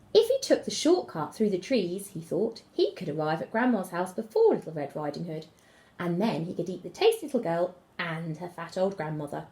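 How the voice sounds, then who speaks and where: A woman teacher reading a fairy tale aloud to children, with expressive storytelling. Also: on the low side. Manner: expressive storytelling, gasps and whispers.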